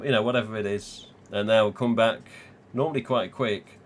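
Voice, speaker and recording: A man's voice: fairly low pitch, steady tone, normal speed, slight background noise. A man from England hosting a live stream, chatting casually, swearing freely and laughing often. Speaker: livestream host.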